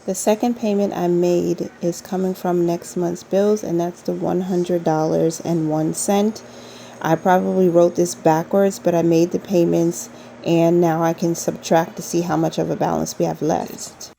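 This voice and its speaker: A woman with a rough morning voice walks through her family's weekly card expenses, friendly and encouraging as she talks the numbers through aloud. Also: on the low side, level tone, a little slow, warm tone, a little hiss or hum. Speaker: budgeting channel host. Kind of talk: casual screen-share budget walkthrough.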